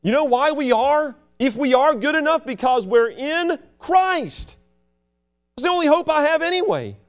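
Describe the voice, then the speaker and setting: A man preaching a sermon with passion, swinging between loud declarations and hushed asides. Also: big pitch swings, normal speed, soft background music. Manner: mocks proud churchgoers in a sneering low voice.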